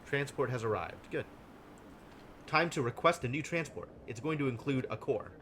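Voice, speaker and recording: A man streaming a strategy game live, thinking aloud with wry deadpan asides. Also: mid-range voice, moderate pace, a little hiss or hum. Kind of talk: live gameplay commentary.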